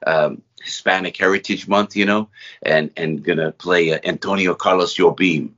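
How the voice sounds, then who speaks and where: A middle-aged man from New Jersey talks as a guest, his deep voice husky yet forceful and bright. He tells rambling, animated anecdotes. The recording sounds a little dull and lo-fi. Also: moderate pace. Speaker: guest entertainer. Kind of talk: conversational storytelling.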